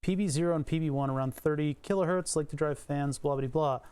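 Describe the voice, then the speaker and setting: The man's voice is slightly high, quick, clean, and a little mellow. Livestreaming electronics work, he mumbles to himself while going through code and datasheets, occasionally swearing or letting out a chuckle.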